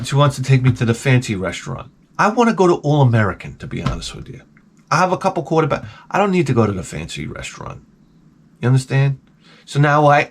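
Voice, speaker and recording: A man, telling a profane, rambling story in a casual vlog. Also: mid-range voice. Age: 40s. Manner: animated, profane, repeats himself. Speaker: vlogger.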